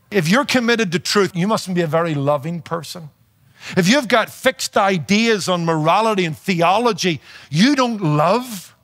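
A pastor and radio preacher delivers a sermon emphatically and playfully, full of rhetorical questions. He has a noticeable accent that is not native to his listeners, and his voice is high-pitched and a bit bright.

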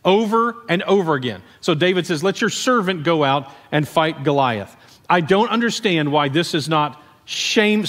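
A man preaching a sermon, telling the story in a conversational, animated way with asides to the congregation. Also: high voice, big-room sound. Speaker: pastor.

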